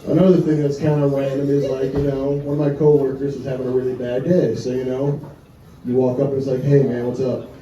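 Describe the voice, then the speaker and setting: A man's voice: mid-range voice, flat delivery, fast, mellow, lo-fi sound, a little hiss or hum. A young man from Wisconsin doing a stand-up comedy set, telling crude, profane stories about his army days. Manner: crude, profane storytelling with audience laughter. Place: comedy club stage. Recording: roomy club sound from a distance, crowd laughter.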